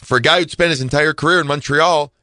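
A man's voice: on the high side, fast talker, sharp tone, no echo. A man giving hockey analysis on a podcast, emphatic and repeating himself to stress a point. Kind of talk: podcast sports talk.

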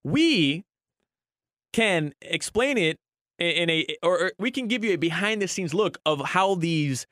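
Radio guy, kinda high voice, rambles w lots of restarts, dry studio sound. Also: animated, unhurried, a bit bright, no room sound. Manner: rambling, many restarts and fillers. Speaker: radio show co-host and producer. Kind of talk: casual sports radio chat. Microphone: studio mic.

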